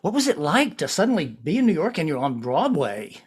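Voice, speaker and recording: A man's voice: a little high, sing-song, fairly quick, background noise. A man hosting an interview show, asking friendly, folksy questions. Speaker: host.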